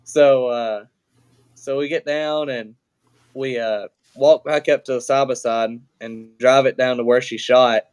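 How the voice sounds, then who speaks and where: Here a man with a smooth, mid-range voice talks at a measured pace as a podcast guest. He tells his story casually and without polish, restarting often, leaning on fillers, and swearing lightly here and there in a relaxed way.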